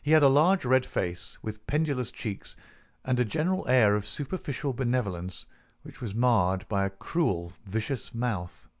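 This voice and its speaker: A male audiobook narrator with a mid-range voice, reading in a measured, even way. His scripted narration moves steadily through a classic story, unhurried and plain. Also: mid-range voice.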